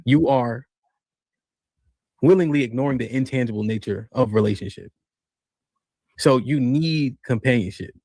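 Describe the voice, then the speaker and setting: A man's voice: mid-range voice, normal speed, long pauses, darkish tone, no room sound, studio quality. Insistent man pressing a guest with questions. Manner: presses the guest with repeated questions and stumbling restarts. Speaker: podcast host questioning a guest. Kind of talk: debate on a podcast panel.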